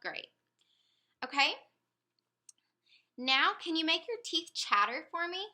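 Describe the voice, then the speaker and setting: A woman running a motor speech examination, giving calm step-by-step instructions. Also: very high-pitched, slow. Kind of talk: clinical motor speech exam.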